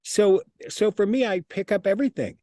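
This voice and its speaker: A man talks through a casual interview in a slightly high voice, animated and profane as he tells his stories. He circles back on his words and repeats them. The sound is dry and close, with little room around it. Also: moderate pace, dry recording. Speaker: interview guest.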